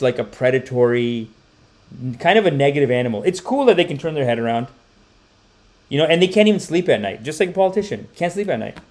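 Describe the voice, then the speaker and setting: A man hosting a podcast, ranting in animated commentary, swearing and mocking the voices of others. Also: mid-range voice. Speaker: podcast host.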